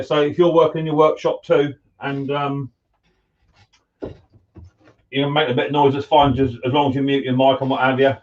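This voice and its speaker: A man's voice: on the high side, dull audio. Chatty man, distant workshop mic. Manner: chatty, greets viewers by name, calls them mate and buddy. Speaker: live-stream host, mower repairer. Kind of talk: casual live-stream chat while working. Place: home workshop.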